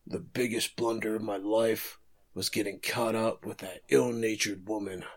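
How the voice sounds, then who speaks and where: A man voicing an arrogant, disgraced male prosecutor as he confesses, in a low, muttered tone. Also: steady tone, moderate pace. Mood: bitter.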